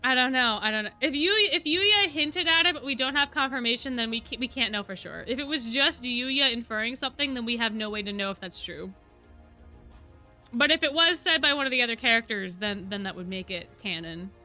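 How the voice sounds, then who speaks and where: A woman's voice: on the high side, expressive, fairly quick, sharp tone, soft background music. A woman streamer chatting and reading a novel aloud, laughing often between thoughts. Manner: chatty, laughing, hedging asides. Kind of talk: live read-aloud with chat.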